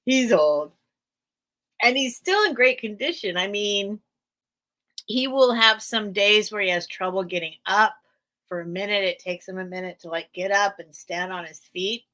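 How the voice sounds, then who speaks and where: Bright-voiced, chatty American woman. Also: mid-range voice, normal speed. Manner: rambling, chatty, laughs often. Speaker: live sale host. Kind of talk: casual livestream chat.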